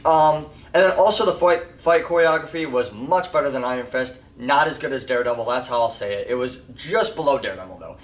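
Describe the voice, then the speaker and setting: A man talks through a TV show review in a loose, rambling way, leaning on fillers as he goes. His voice sits at an ordinary middle pitch. The room is echoey, and he is some distance from the mic. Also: fairly quick, few pauses. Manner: rambling and chatty, full of "like" and "um". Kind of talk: casual spoken review.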